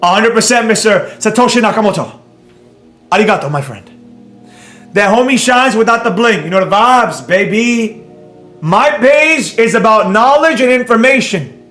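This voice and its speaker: A man's voice: sits high, normal speed, fairly bright tone, reverberant. A man teaching a live trading class in a brash, mocking, rambling way, with faint music behind. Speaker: trading instructor.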